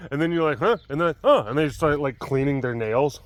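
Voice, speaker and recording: A man's voice: medium pitch, moderate pace. A man, a big cat keeper telling stories in a casual vlog, rambling with many fillers and chuckles.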